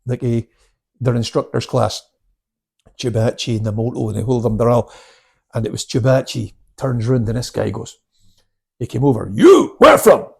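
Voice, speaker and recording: A Scottish man in his sixties, a karate instructor, telling stories in casual chat, salty and quick to swear. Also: medium pitch, little pitch movement, mellow. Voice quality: gravelly, husky. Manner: salty, swears freely, laughs often.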